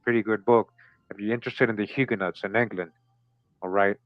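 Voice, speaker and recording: Man reading a book out loud on his show, repeats himself, asks the audience stuff, kinda muffled sound. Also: on the low side, fairly even intonation, a little fast, no echo. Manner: repeats words, asks listeners "right?". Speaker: host. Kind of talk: reading aloud with commentary. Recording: dull lo-fi recording.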